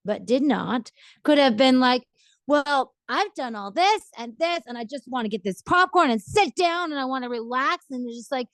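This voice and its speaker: A woman's voice: on the high side, no room sound, clean studio sound. A middle-aged woman giving casual relationship advice in a rambling, chatty way, often checking in with "right?".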